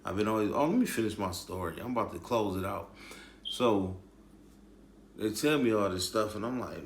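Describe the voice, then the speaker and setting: Man, casual storyteller vlog voice, swears often, lower pitch, reverberant room. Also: expressive, a little fast, creaky, slight background noise. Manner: loose, slangy, says "man" often, swears. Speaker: storyteller vlogger.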